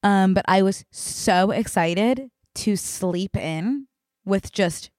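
A woman's voice: medium pitch, takes it slowly, darkish tone, dry recording. Young woman, podcast co-host, chatty, casual, dry close mic. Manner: chatty, casual, laughs easily. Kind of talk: casual chat.

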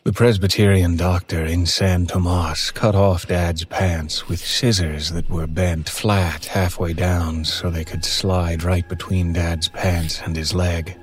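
A man narrating a horror story in a measured, somber way from a script. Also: sits low.

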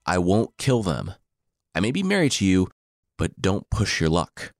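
A man's voice: deep voice, big pitch swings, a little slow, dry recording, heavily acted. A man voicing a sardonic female she-demon wife who talks in flippant, dry modern slang. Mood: grudging.

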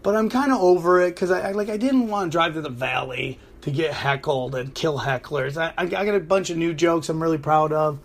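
A man who does stand-up tells a story about his gig in a loose, profane podcast rant. His voice sits high for a man, and he keeps it animated and swearing, full of "like" and restarts. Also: fairly quick, hardly any pauses. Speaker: stand-up comedian and podcast host. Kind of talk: ranting podcast monologue.

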